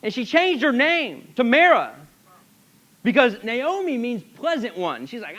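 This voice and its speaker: A man's voice: very high voice, very animated, measured pace, bright, forceful tone. A man preaching a sermon as pastor, telling the story with animation and asking the congregation questions.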